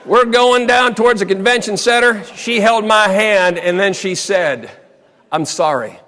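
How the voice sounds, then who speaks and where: A man's voice: high-pitched, a little slow. A man giving a motivational keynote, telling a funny story that turns earnest, in a big hall. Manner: animated comic storytelling that turns quiet and earnest. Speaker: motivational speaker. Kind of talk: storytelling keynote speech to a live audience. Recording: long hall reverb from a large venue.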